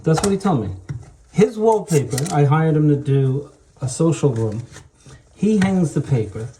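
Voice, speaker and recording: A man's voice: on the high side, slight background noise. A middle-aged man who hangs wallpaper, telling chatty stories in a casual way while he works. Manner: slow, animated, chatty anecdotes. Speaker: wallpaper hanger. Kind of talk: casual storytelling while working.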